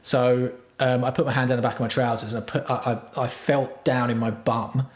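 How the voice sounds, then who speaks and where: A man chatting on his livestream in a rambling, foul-mouthed, self-mocking way. His pitch is middling for a man. The sound echoes around a roomy home room. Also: flat delivery, a little fast. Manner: profane, crude, self-mocking storytelling. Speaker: livestream host. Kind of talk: rambling casual livestream chat.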